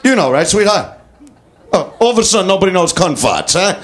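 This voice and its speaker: High-voiced crass stand-up man. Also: sing-song, fairly quick. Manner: crass, needling the audience. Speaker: stand-up comedian. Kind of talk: crude stand-up routine.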